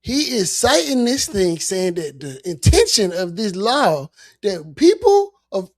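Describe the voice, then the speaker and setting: Podcast co-host, man, unhurried and halting, casual political talk, dry sound. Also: high-pitched, sing-song, no echo. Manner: slow, halting, incredulous.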